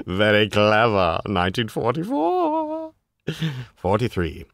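Slow, wildly swooping male reader of bawdy rhymes; dry, close sound. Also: mid-range voice, sing-song, a bit bright, no room sound. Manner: amused, chuckling asides between rhymes; swoops into mock voices for quoted lines. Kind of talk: bawdy limerick reading.

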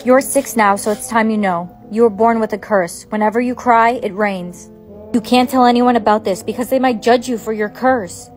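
High-voiced woman with deadpan skit lines. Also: normal speed, soft background music. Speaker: skit partner playing several parts. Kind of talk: acted comedy skit dialogue.

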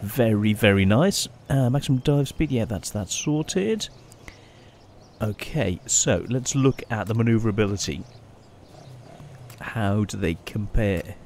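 A man giving casual, chatty gameplay commentary as a channel host, often pausing and restarting his sentences. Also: fairly low pitch, lively intonation, a little mellow, slight background noise. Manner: chatty, halting, many restarts and fillers.

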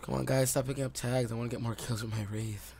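A young man giving excitable live commentary over his own video game play, recorded on a desktop microphone at home. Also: medium pitch, fast talker, vocal fry, slight background noise. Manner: excitable, reacts aloud to the game. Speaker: gaming YouTuber. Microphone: desktop USB mic.

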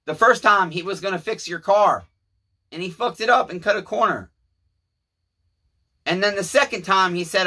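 A man acting out a contrite middle-aged son-in-law, apologizing loudly in a raised, pleading voice. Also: high voice, voice pushed up.

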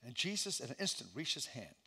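A man's voice: medium pitch, big pitch swings, quick pace, gravelly, slightly rough. Dramatic male pastor preaching a sermon. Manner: dramatic storytelling, acting out voices, swinging from shouts to hushed lines. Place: church.

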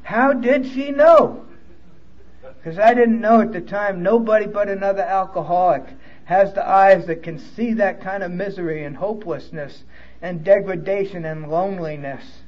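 The speaker is a man from New York with a matching accent, giving personal testimony about his recovery at a conference hall. His high-pitched voice keeps a fairly even intonation at a moderate pace as he speaks candidly and emotionally, swearing bluntly, over dull audio.

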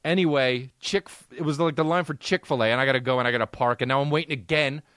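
A man's voice: medium pitch, fast, a bit bright, no room sound. A male comedian hosts a podcast, spinning a story in a punchy, profane, exasperated way. His voice sits in an ordinary middle range. The recording is dry and close. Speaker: podcast host.

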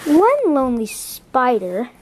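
A woman reading a children's picture book aloud, halting now and then to point at the pictures. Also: high voice, huge pitch swings, a little mellow, a little hiss or hum.

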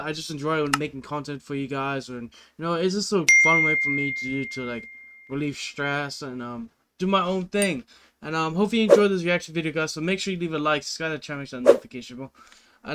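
A man's voice: on the high side, fast, heavy background noise. A man hosting a music reaction video, chatting casually and earnestly, rambling with lots of "like" and "you know".

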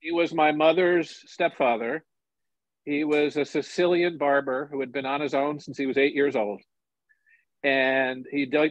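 A man in his sixties, a journalist and author, telling stories and reflecting in a relaxed interview conversation. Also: medium pitch, no echo. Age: 60s. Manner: storytelling, animated, relaxed and reflective. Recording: dull lo-fi sound, dry.

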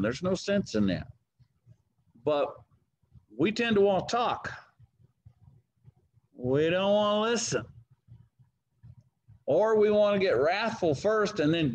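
A middle-aged Southern man teaches a church Bible study in a relaxed, folksy way, weaving personal stories around scripture quotes. His voice sits a bit high for a man. A faint hiss of background noise runs under the recording. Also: normal speed, low-quality recording. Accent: Southern American. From American South. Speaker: preacher leading Bible study.

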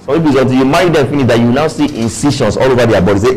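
A pastor with a Nigerian English accent, preaching a sermon in church, with playful asides and acted-out quoted voices. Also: male voice, medium pitch, racing, a little mellow, slight background noise, low-quality recording.

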